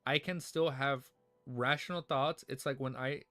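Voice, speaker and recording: Calm spirit medium woman, read by a man. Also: medium pitch, no echo, faint music behind. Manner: calm, measured.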